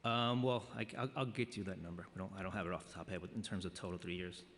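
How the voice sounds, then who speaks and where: A man's voice: deep voice, fairly even intonation, very fast, fairly bright tone. A man testifying at a budget hearing, hesitant and hedging, with many fillers. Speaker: city agency official testifying. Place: large council chamber. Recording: long chamber reverb.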